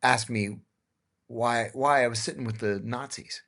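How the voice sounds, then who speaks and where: Man, middle-aged, podcast host, casual storytelling, mid-pitched voice, anecdotal delivery. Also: steady tone, measured pace, a bit bright. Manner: anecdotal, acts out dialogue in his tales.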